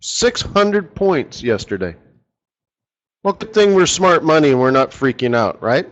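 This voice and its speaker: A man's voice: fairly high pitch, sing-song, measured pace, a bit bright, lo-fi sound. A man running a live forex strategy session, talking casually and rambling, often asking his audience rhetorical questions.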